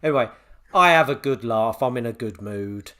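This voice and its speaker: A man co-hosting a podcast, telling a story with lively re-enactments of a phone call. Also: mid-range voice, moderate pace. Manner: animated storyteller, acts out both sides of a phone call. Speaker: podcast co-host. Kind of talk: casual chat, storytelling.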